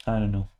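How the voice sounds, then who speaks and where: A man's voice: darkish tone, a little hiss or hum. A man ranting casually to camera, rambling and self-deprecating, swearing freely and restarting his sentences often. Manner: frequent restarts and filler words. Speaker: vlogger.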